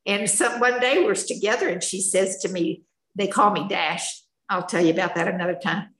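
In an echoey room, an older woman with a mid-range, slightly bright voice speaks at a moderate pace. A retired schoolteacher, she tells her life story candidly, in a plainspoken, folksy manner.

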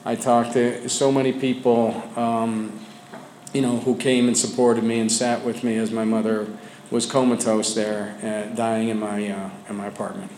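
A man sharing his personal story with a support group, speaking candidly and haltingly with frequent restarts, sometimes dropping low and quiet. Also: flat delivery, slight background noise. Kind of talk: personal testimony. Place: meeting room with a group of men. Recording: echoey room with faint ambience.

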